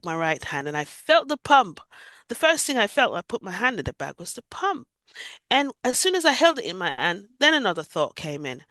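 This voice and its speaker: A woman's voice: mid-range voice, fairly bright tone, no room sound. A woman from Jamaica, giving a vivid, emotional retelling of her own story as an interview guest. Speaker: guest sharing a near-death experience.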